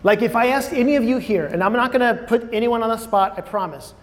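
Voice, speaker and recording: Guy preaching a chatty sermon, fairly high voice, long echo like a big church hall. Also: quick pace. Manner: conversational, repeats phrases, asks the audience questions.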